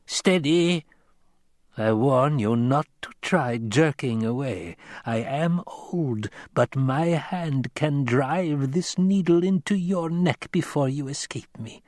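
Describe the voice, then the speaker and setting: A man voicing a menacing old woman who speaks slowly and commandingly, recorded dry and close. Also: on the high side, darkish tone, no echo, pitched above the performer's own voice. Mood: stern, menacing. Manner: slow, stern, commanding. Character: menacing old female witch-like crone.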